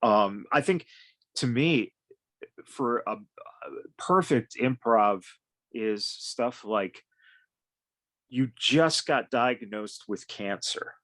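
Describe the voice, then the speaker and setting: A male podcast host rambles through his thoughts in a relaxed, unpolished way, cursing casually as he goes. His voice is mid-pitched and sits very close and dry on the mic, with no room sound around it. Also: dry recording. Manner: loose and rambling, swears freely. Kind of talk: casual conversation.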